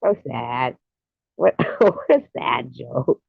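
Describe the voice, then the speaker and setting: A woman's voice: very deep voice, big pitch swings, slow, creaky, breathy edge, dry recording, narrow, tinny audio. A woman hosting a casual livestream, chatting with viewers and telling rambling jokes with frequent giggles. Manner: giggly, rambling joke-teller. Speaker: livestream host.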